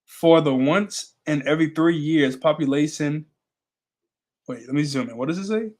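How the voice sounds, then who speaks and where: A man hosting a casual manga reaction, reading panels aloud and musing between them with fillers and quick laughs. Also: on the high side, a little mellow.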